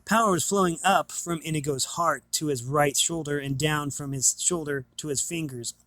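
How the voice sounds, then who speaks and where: A man's voice: on the high side, moderate pace, pushed and bright, dry recording. A man reading a novel aloud, plainly, with small stumbles and restarts. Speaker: reader.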